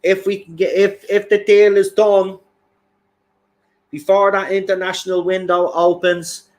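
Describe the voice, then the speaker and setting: A man's voice: high voice, little pitch movement, measured pace. A young man hosting a fan channel, talking with emphatic, repetitive passion. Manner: passionate, emphatic, repeats himself for effect. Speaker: football fan channel host. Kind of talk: excited fan commentary.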